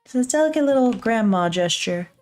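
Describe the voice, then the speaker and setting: A woman's voice: fairly high pitch, animated, fairly quick, a little mellow, faint music behind. A woman artist thinking aloud while she draws, chatty and self-deprecating, joking to herself into her desk mic. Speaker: digital artist streaming her work. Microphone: her own desk mic with a pop filter.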